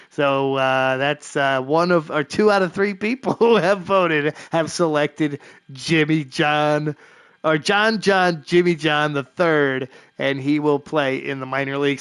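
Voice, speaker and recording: A man streaming live, chatting his way through a baseball management game. He rambles along with plenty of fillers and quick chuckles, his voice sitting a touch high for a man. The sound is dry and close, with no room around it. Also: fairly bright tone, clean tone, dry recording. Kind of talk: casual live-stream commentary.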